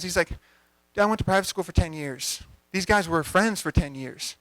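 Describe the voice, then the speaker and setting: A man's voice: high voice, moderate pace, a bit bright, dry recording. A young man in his twenties giving a conversational talk at an event as a coach, telling a story energetically and acting out the dialogue. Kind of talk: storytelling talk to a live audience. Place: event venue.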